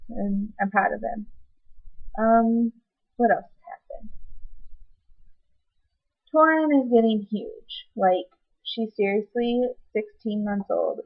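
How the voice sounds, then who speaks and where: A young woman giving a casual personal update vlog, chatty and rambling, with many ums. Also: mid-range voice. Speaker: vlogger. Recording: slightly dull lo-fi webcam audio.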